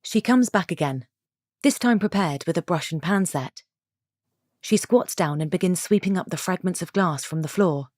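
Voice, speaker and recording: Steady and descriptive, a low-voiced woman narrates a story at a moderate pace. There's no echo or room sound in this dry recording.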